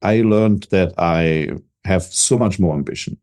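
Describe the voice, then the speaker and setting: This is an older business coach from Germany, his German accent clear as he chats casually in an interview. He comes across self-assured and lively, speaking low-pitched and slightly slowly, frequently repeating words at the start of a thought.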